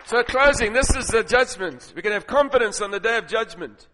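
A man preaching a sermon in an animated, humorous storytelling way, acting out scenes. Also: high-pitched, a little fast, a faint crowd, a little hiss or hum. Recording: long hall reverb.

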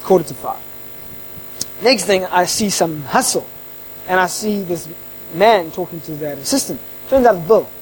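Animated man telling a story. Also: high voice, moderate pace, long pauses, a little hiss or hum, low-quality recording. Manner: animated storyteller acting out the dialogue. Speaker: interviewer. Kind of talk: casual spoken anecdote.

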